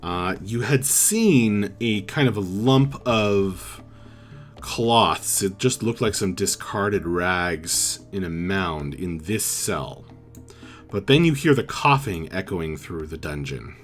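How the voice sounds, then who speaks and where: A man narrating as dungeon master, slow and halting with many fillers. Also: low voice, animated, soft background music. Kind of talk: narrating a tabletop game.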